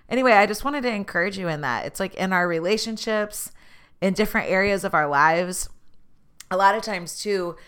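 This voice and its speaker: Bright, chatty woman talking to listeners. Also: clean tone. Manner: chatty, self-mocking, acts out quoted exchanges with big pitch jumps. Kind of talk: casual monologue.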